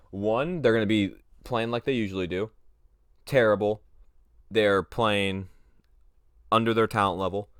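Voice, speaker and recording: A man's voice: on the low side, fairly bright tone, dry recording, clean studio sound. A young man talking casually through sports predictions on his own video, rambling, trailing off and correcting himself as he goes.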